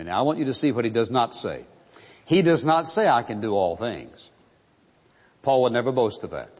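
A male pastor delivers a sermon in a slow, emphatic cadence and leans on repeated phrases. His voice sits in an ordinary middle pitch. The sound is a little muffled and rings with the long reverb of a large hall. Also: big pitch swings, darkish tone, breathy edge.

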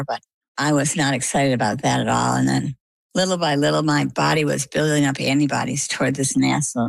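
A woman's voice: very deep voice, gravelly, breathy edge, no echo, low-quality recording. A middle-aged woman from Maine, telling her own story as an interview guest and acting out what others said to her. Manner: lively storyteller, acts out quoted dialogue.

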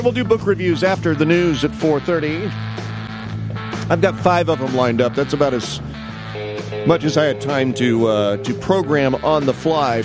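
Rambling male radio talk host. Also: a little high. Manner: rambling, self-correcting, wry asides. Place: radio studio. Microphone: studio mic.

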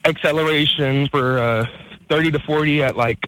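A man's voice: a little high, fairly even intonation, moderate pace, a bit bright. A man calling a radio show, out of breath and hesitant, with lots of fillers. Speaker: caller. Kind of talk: phone call to radio show. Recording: phone line with faint noise.

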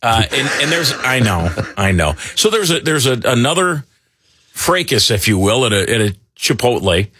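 A middle-aged man hosting talk radio, rambling and animated with lots of fillers. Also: mid-range voice, moderate pace, slightly rough, no room sound, studio quality. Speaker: radio talk show host. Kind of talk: casual talk radio banter.

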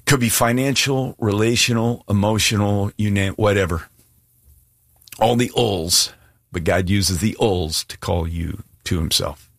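A man with a low, husky voice preaches an earnest sermon, pleading and emphatic but plain-spoken, dropping in casual asides. The sound is close and dry. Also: measured pace, no echo. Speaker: pastor. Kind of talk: sermon with altar call.

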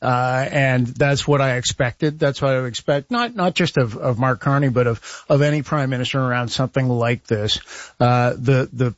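A male communications consultant speaks as the regular guest on a morning radio segment, thinking out loud, restarting phrases and breaking into small laughs. His voice sits in a middle range, recorded dry and a little muffled, like broadcast audio. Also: medium pitch, moderate pace, dry recording. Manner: conversational, analytical, with frequent restarts and little laughs. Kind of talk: casual talk radio commentary.

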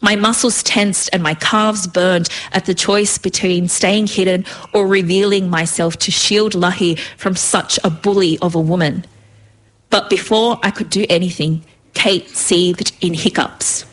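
A woman's voice: fairly low pitch, fairly even intonation, unhurried. A woman reading her own story aloud in a vivid, rhythmic way. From Australia.

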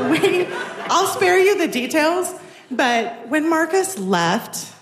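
A woman's voice: very high voice, lively intonation, drawn-out words, a crowd in the background. A woman in her forties telling a personal story on stage with wry, self-deprecating humor. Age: 40s.

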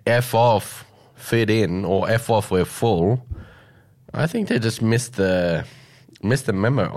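A man's voice: medium pitch, no room sound. A man hosting casual community radio, rambling and teasing his co-host. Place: radio studio.

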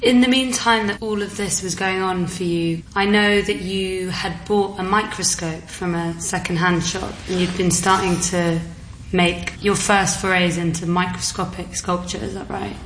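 Calm low-voiced woman narrator. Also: normal speed, a little hiss or hum, poor audio. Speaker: interviewer and narrator. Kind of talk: documentary narration.

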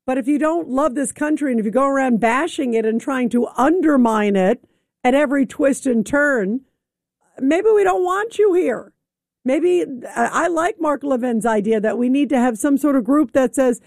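Brief: high-pitched female radio host, forceful and combative, dry studio sound. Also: moderate pace, no room sound. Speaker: radio talk show host. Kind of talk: call-in talk radio.

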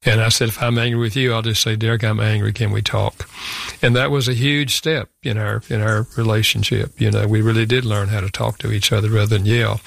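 An older man, a guest author on a radio show, telling a personal story earnestly with halting restarts. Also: fairly low pitch, little pitch movement, vocal fry, fairly bright tone, no echo.

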